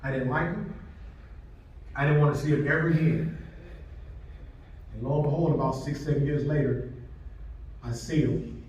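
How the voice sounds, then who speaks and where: A man's voice: medium pitch, moderate pace, pauses often, a little hiss or hum. A man giving an inspirational speech, telling a personal story and acting out the voices of the people in it. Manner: animated storyteller who acts out quoted voices. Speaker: motivational speaker. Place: large indoor hall. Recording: echoey hall from far off.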